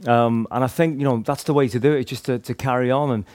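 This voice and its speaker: A man's voice: mid-range voice, steady tone, quick pace, a little mellow, no room sound, studio quality. Rambling man telling faith stories. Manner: rambling, heavy use of "like" and "you know", restarts. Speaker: street evangelist. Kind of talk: casual storytelling testimony.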